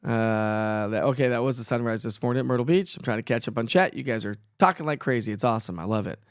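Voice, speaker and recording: A man's voice: medium pitch, fast, clear, resonant tone. A middle-aged man hosts a live weather stream, casually reading out viewers' comments and answering them. His speech is chatty and loose, with frequent fillers. The sound is dry and close, with no room echo. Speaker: weather show host.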